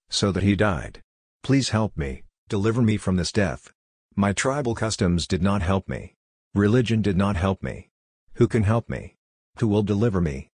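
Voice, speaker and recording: A despairing middle-aged queen cries out for deliverance, as a man reads her part. The voice is very deep and husky, with a dry, close sound. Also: a little mellow, no echo. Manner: pleading, anguished reading. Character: distraught middle-aged woman, a chief's wife begging for deliverance.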